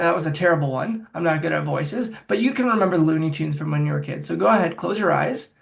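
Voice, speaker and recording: Gravelly-voiced man coaching a listener. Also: a little high, fast, few pauses. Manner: directive, coaching, talks viewer through steps. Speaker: phobia coach. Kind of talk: guided self-help exercise.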